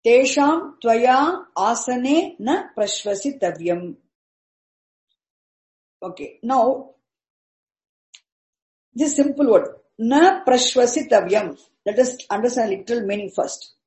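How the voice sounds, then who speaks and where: Woman teacher, fairly high voice, very slow, measured recitation, roomy echo. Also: lively intonation, a little mellow. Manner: syllable-by-syllable chanting, then quick asides. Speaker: Sanskrit teacher. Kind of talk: slow recitation and explanation of a text.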